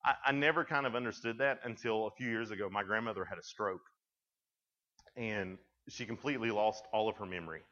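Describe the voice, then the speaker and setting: A young man speaking to junior high students, telling stories in a conversational way with frequent restarts. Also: brisk, sharp tone, big-room sound. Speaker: youth speaker. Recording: dull lo-fi sound.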